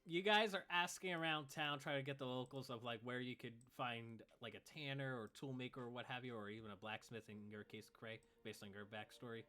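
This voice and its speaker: A man's voice: mid-range voice, steady tone, a little fast, few pauses, bright, forceful tone. A man narrating as game master in a casual, filler-heavy way.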